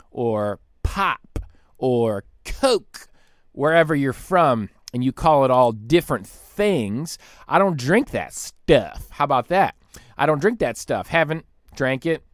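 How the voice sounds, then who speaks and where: A man hosting a podcast, delivering an excitable, rambling comedic rant and laughing often at his own tangents. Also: a little high, no room sound, clean studio sound. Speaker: podcast host.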